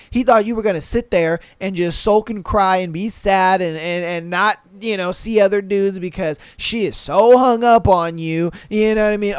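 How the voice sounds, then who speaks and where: A young man hosting a podcast, reading listener stories aloud and reacting with animated, profane commentary. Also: high-pitched, smooth, no room sound, clean studio sound. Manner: animated, swears a lot, mocks with put-on quotes. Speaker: podcast host.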